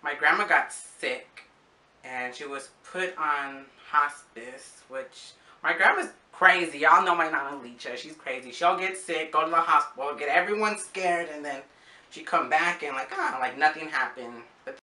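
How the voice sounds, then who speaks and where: Young man from Arizona, bright tense voice, rambling casual vlog storytelling, roomy echo. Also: fairly high pitch, unhurried, distant mic. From Arizona, USA. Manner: rambling, with frequent fillers and acted-out quotes. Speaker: vlogger. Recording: echoey room.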